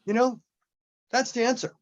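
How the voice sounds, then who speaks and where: A man's voice: very high-pitched, steady tone, normal speed, lo-fi sound. A man speaking as an activist in an impassioned group discussion, emphatic and often restarting his sentences, over a video call.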